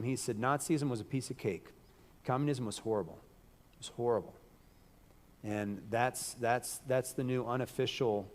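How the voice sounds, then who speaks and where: A man preaching a sermon in a church, losing his voice, emphatic and breaking into loud bursts. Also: medium pitch, long reverb tail. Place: church hall.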